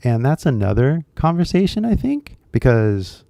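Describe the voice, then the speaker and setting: A man's voice: mid-range voice, very animated, moderate pace, creaky, warm tone, no room sound, studio quality. An American man, an English teacher, talking casually on a live stream and rambling with lots of "you know" and "like" fillers. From United States.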